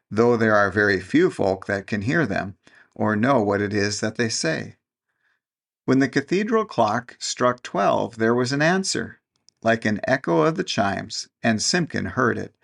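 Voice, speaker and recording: A man reading a classic storybook aloud in a gentle, measured narration. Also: on the low side, creaky.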